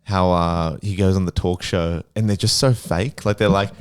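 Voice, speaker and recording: Low-voiced, excitable, sweary man. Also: normal speed, clear, resonant tone. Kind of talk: casual podcast chat.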